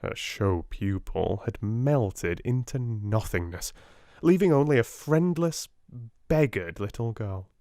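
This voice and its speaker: A British man narrates a classic novel as an unabridged audiobook. His reading is slow and unhurried, with a lively rise and fall of pitch. The sound is dry and close to the mic. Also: no echo. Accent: British English. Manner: lively, expressive storytelling.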